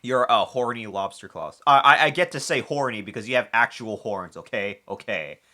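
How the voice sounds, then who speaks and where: A man's voice: mid-range voice, moderate pace, pushed and bright. A man live-streaming, chatting casually with viewers, joking, swearing and often restarting his sentences. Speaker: livestreamer reading chat.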